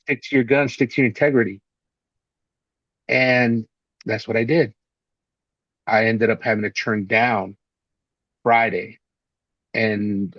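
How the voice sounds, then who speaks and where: A man being interviewed, telling long anecdotes in a casual, animated way and acting out the voices of the people he quotes. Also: on the low side, no room sound, dull audio. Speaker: actor and interview guest.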